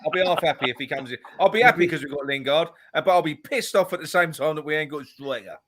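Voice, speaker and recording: A man's voice: a little high, quick pace, a loud crowd. A man as a guest on a live online football chat, blunt and emphatic, swearing casually. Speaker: panel guest.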